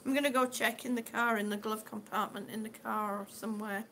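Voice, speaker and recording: A woman's voice: on the high side, fairly even intonation, fairly quick, sharp tone, a little hiss or hum. A middle-aged woman chatting casually on her live stream, rambling and answering viewers' comments as she goes. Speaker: vlogger living with lung disease.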